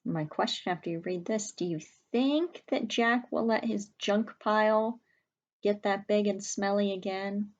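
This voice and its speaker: A woman of medium pitch, speaking a little slowly, carefully sounds out letters and words at a whiteboard while teaching young children an early-grade spelling lesson. The recording's highs are cut off.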